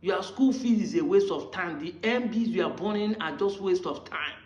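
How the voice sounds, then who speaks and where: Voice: mid-range voice, animated, moderate pace, darkish tone, echoey room. An Igbo commentator from Nigeria with a Nigerian English accent, arguing heatedly and firing off rhetorical questions. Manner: argumentative, fires rhetorical questions. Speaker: online commentator.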